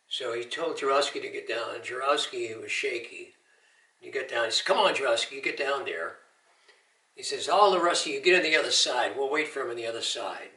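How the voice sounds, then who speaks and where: A man's voice: medium pitch, pushed and bright, reverberant, distant mic, low-quality recording. Older male veteran, earnest testimony, recorded off-mic. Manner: earnest storytelling with Christian encouragement. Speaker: Army veteran telling his story. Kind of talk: personal testimony.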